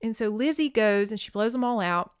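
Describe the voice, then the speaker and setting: A woman hosting a podcast, reading a children's novel aloud and commenting in a casual, expressive way with swearing. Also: on the high side, brisk, clear, resonant tone, dry recording, clean studio sound. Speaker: podcast host.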